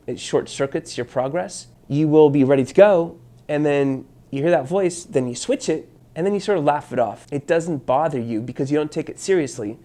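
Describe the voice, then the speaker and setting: Mellow-voiced male self-help coach. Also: medium pitch. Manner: earnest, repeats and restarts phrases. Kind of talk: casual talk to camera.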